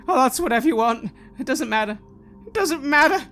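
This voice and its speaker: A woman's voice: high voice, expressive, brisk, a bit bright, voice pushed up. A woman doing a screaming, distraught young man. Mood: manic. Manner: screaming, tearful, wild. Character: distraught shouting young man, half-crazed.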